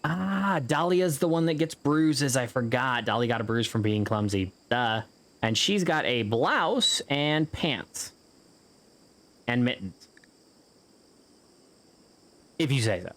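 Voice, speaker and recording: A man's voice: mid-range voice, unhurried, fairly bright tone. Rambling, joking man narrating his gameplay. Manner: rambling, joking, swears casually. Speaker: gameplay video host. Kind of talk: casual gameplay commentary.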